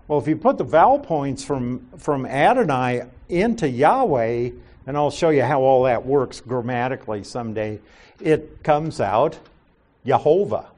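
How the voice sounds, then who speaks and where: A male Bible teacher talks slowly through a passage in a lively, rising and falling voice. He explains each point patiently and keeps turning it back to his listeners with questions. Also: mid-range voice.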